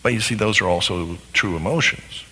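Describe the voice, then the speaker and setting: A man's voice: fairly low pitch, brisk, bright, forceful tone, breathy edge. A man teaching a lesson on marriage who often asks his listeners rhetorical questions. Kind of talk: lecture on marriage. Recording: long hall reverb.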